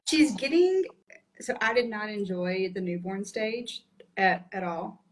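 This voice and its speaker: A woman chatting casually as a podcast guest, telling animated stories with lots of fillers. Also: medium pitch, measured pace, crowd noise, low-quality recording. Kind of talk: casual chat.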